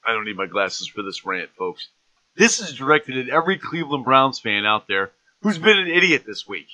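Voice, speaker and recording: A man's voice: mid-range voice, sing-song, normal speed, sharp tone, rough recording. A man hosting a live sports talk stream, ranting and mocking in an exasperated way. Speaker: sports show host.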